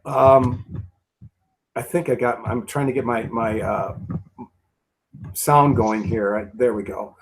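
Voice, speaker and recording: A man's voice: medium pitch, fairly even intonation, slow pace, long pauses, noisy background. A man, a guest actor, telling behind-the-scenes stories in a rambling, profane way full of restarts. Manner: rambling and profane, many restarts and repeated words. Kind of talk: casual commentary storytelling.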